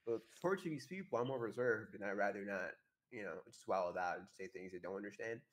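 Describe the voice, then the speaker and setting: Young guest from africa, rapid speech, lowish voice, short quips. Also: male voice. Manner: short interjections, quick remarks. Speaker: podcast guest. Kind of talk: casual chat.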